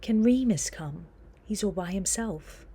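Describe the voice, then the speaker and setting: A woman's voice: mid-range voice, expressive, measured pace, warm tone, husky. A woman reading an eager, friendly young schoolgirl. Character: cheerful tearful young schoolgirl witch. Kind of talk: audiobook character voice.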